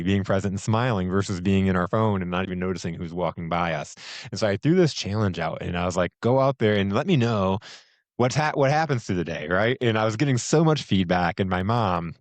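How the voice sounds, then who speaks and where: A middle-aged man talks in a very low, deep voice, close to the mic with no room sound. He tells a story casually, with fillers and laughter. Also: dry recording. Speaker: host. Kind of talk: casual conversation.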